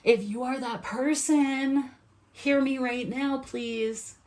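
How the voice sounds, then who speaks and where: A woman with a New England accent doing a casual tarot reading to camera, animated, acting out the lines she imagines people saying and swearing freely. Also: high-pitched, takes it slowly. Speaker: tarot reader.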